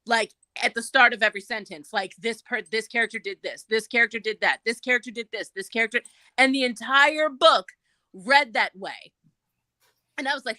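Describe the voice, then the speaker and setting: A high, bright-voiced woman talks shop as a writer and audiobook narrator. She is animated and profane, and laughs between sentences. The sound is dry and close. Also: brisk, no room sound. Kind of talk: casual chat.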